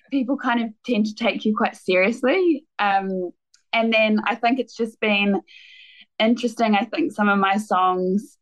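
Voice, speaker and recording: A woman's voice: mid-range voice, measured pace, rough recording. A woman from New Zealand with a New Zealand accent, a musician in her thirties talking casually in an interview, laughing often and restarting her sentences. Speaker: guest musician.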